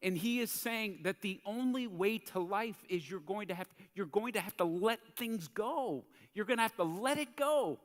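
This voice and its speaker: Animated preaching man in a reverberant hall. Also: sits high, normal speed, few pauses. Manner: animated, conversational preaching, acts out quotes. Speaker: pastor. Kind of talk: sermon. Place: church sanctuary.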